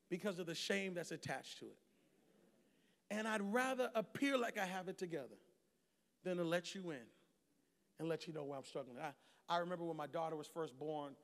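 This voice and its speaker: A middle-aged man preaching a sermon as pastor, swinging from shouted calls to storytelling. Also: high-pitched, creaky. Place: large church hall. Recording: long hall reverb.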